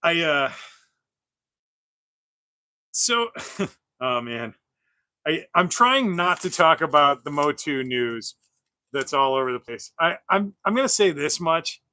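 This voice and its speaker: Bright-voiced rambling man hosting a livestream. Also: a little high, lively intonation, slow pace, long pauses, dry recording. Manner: rambling, many fillers and restarts, laughs often. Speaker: toy collector livestream host. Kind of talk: casual livestream chat while unboxing.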